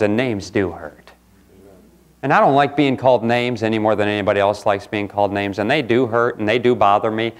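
A pastor preaching a sermon in a church, jumping from loud outbursts to quiet asides. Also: male voice, fairly low pitch. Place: church sanctuary.

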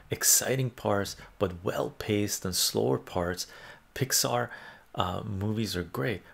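A man hosts a relaxed livestream, reading viewers' chat messages aloud and answering them with plenty of fillers. His voice sits low and carries a husky, gravelly texture. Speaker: livestream host. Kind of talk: casual chat about movies.

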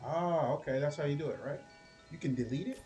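A man doing casual, excitable gameplay commentary as a streamer, chatty and cursing at enemies. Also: fairly high pitch, fairly quick, faint music behind. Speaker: gaming streamer.

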